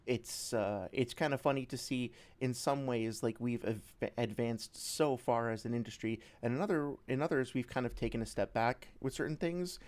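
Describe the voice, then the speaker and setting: A man's voice: mid-range voice, moderate pace, few pauses, a little mellow. A man who makes video games, casually explaining a game topic in a rambling way, with lots of fillers and examples. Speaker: game developer and streamer.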